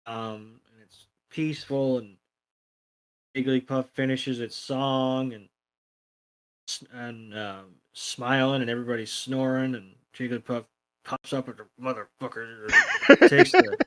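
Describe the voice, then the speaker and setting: A man's voice: mid-range voice, steady tone, unhurried. A man co-hosting a podcast, casually recapping a cartoon episode with lots of fillers and the odd swear word. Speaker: podcast co-host.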